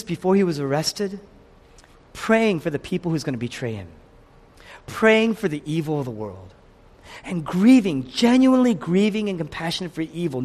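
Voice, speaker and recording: Impassioned preacher man in an echoing hall. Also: on the high side. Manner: impassioned, swinging from loud outcries to hushed near-whispers. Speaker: pastor. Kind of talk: sermon.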